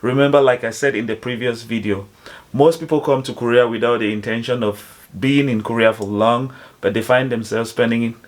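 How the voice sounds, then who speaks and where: A man explaining phrases to foreigners in a slow, careful teaching manner, spelling out each example. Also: mid-range voice, steady tone. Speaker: language teacher.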